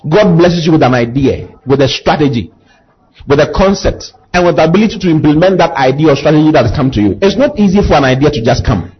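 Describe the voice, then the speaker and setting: A man's voice: a little high, lively intonation, quick pace, slightly rough, lo-fi sound. A male pastor preaching a sermon, asking the congregation to repeat after him and building to impassioned emphasis. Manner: call-and-response preaching, rising to impassioned emphasis.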